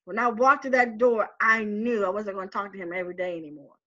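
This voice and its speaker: A woman telling a personal story in a lively way. She laughs often and acts out the voices of the people in it. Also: mid-range voice, quick pace, highs cut off. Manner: animated, laughing often, acting out quoted voices.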